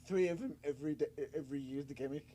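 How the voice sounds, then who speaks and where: High voiced guy, giggly and excitable, repeats himself, casual podcast banter. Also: rapid-fire. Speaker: podcast co-host. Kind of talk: casual wrestling chat.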